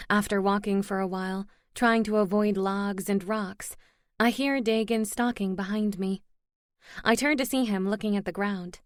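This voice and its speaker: Woman reading a fantasy romance audiobook, expressive, close dry sound. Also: medium pitch, no echo. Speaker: audiobook narrator. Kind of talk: first-person audiobook narration.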